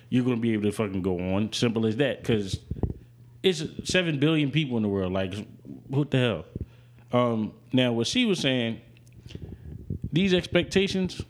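A man's voice: medium pitch, a little hiss or hum. A man in his thirties co-hosting a podcast, talking candidly and profanely in loose, rambling casual chat with frequent restarts. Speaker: podcast co-host.

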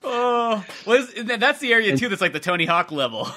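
A man telling stories as a podcast guest in casual chat, animated, swearing and full of "like". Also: sits high, normal speed.

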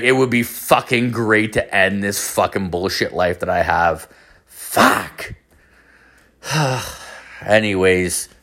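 Low-voiced foul-mouthed man rambling. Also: gravelly, fairly bright tone. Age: late 30s. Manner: rambling, heavy swearing, filler-laden. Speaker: podcast host. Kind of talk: profane storytelling monologue.

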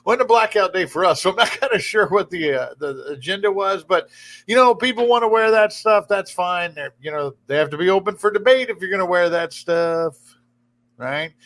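A man's voice: high-pitched, animated, normal speed, fairly bright tone. A man hosting a radio talk show from a studio, chatting casually and rambling, often restarting his sentences. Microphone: studio broadcast microphone.

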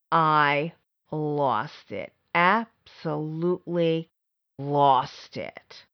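A woman's voice: animated, very slow. Middle-aged woman podcast host, emphatic storytelling, repeats herself for stress, kinda dull lo-fi sound. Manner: emphatic, repeats words for stress, swings high and low. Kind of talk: personal storytelling monologue. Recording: slightly dull lo-fi audio.

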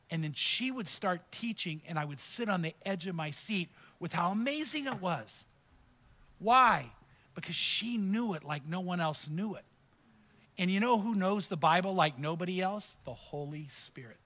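Male pastor, conversational sermon delivery, high bright tone. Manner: conversational teaching with personal stories.

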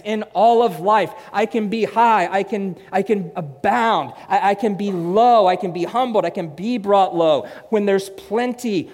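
A man preaching a sermon in an emphatic way, repeating phrases and swinging from loud to hushed. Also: high-pitched. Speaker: pastor. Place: church hall. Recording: long church-hall reverb.

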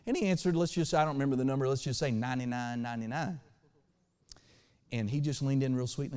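A male pastor preaching a sermon. He swings between loud and hushed lines and asks the congregation to respond. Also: medium pitch, fast talker, clear, resonant tone, long reverb tail.

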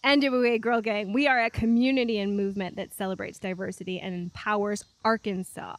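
A woman from New York hosting a casual podcast chat, bubbly and quick to laugh, recorded on a back deck at night. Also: medium pitch, steady tone, no room sound. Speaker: podcast host.

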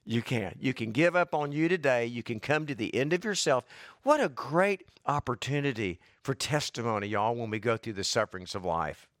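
A man's voice: mid-range voice, animated, normal speed, a bit bright, no room sound, clean studio sound. A man preaching a sermon, folksy and conversational, building to emphatic repeated lines, his voice a little worn and short of breath. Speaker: pastor.

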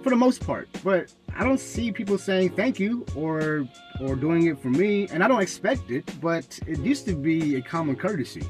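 A man's voice: on the high side, sing-song, moderate pace, few pauses. Guy cohost joking around, gets fed up and says stuff over and over, a little music behind. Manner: joking, exasperated, repeats himself. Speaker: podcast co-host. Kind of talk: casual chat.

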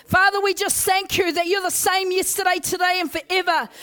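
Woman, young, very high voice, Pentecostal preacher, loud, energetic, call-and-response, church service. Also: a little fast, slight background noise. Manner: energetic, exclaiming, loud, urging the crowd. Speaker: guest preacher.

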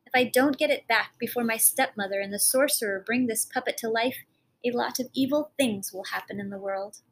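A woman's voice: a little high, brisk. A woman voicing an eager, brave young prince in a fairy tale. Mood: determined.

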